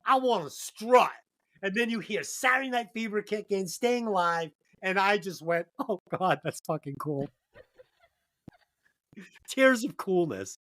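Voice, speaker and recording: A woman's voice: medium pitch, unhurried. A woman co-hosting a comedy movie podcast, swearing freely as she rants about films. She talks emphatically, working herself up as she retells scenes. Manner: profane, animated, emphatic storytelling. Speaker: podcast co-host. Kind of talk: casual movie-review chat.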